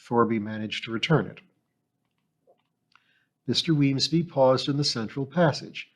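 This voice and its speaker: Steady man reading an audiobook. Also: mid-range voice. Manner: steady, measured storytelling. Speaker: audiobook reader. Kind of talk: scripted audiobook narration.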